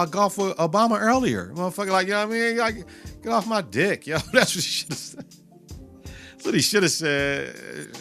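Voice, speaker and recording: A man's voice: mid-range voice, sharp tone. A man hosting his own podcast, giving blunt, profane, slang-heavy commentary in a casual solo monologue. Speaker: podcast host.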